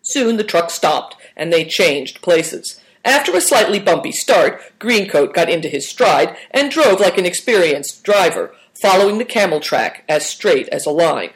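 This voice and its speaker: Woman narrator, lowish voice, calm storybook reading.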